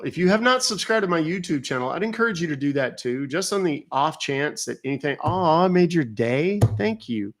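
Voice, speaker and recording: A man's voice: mid-range voice, fairly bright tone. A man from North Texas, hosting a casual livestream, chatting with viewers and playing dumb with a phone caller. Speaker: livestream host baiting phone scammers.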